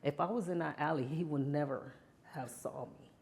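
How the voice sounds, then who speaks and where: Low-voiced woman telling her story. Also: normal speed. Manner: heartfelt storytelling, often adds "you know"; grows animated when reliving past moments. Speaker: interview guest. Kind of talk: personal testimony interview.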